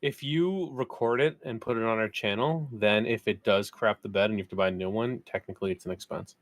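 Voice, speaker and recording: A man's voice: on the low side, fairly quick, dry recording. A man co-hosting a gaming podcast, joking around and laughing in casual chat. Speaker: podcast co-host.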